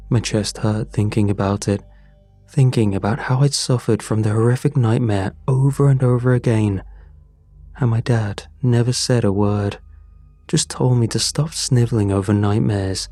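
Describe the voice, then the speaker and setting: Slow, dark-voiced male horror narrator. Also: on the low side. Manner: slow, measured storytelling.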